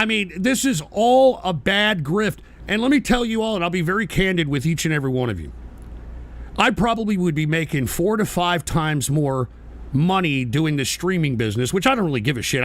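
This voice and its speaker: A man's voice: sits high, a bit bright. A man hosting a live political stream, talking in a heated, profane rant aimed at his chat viewers.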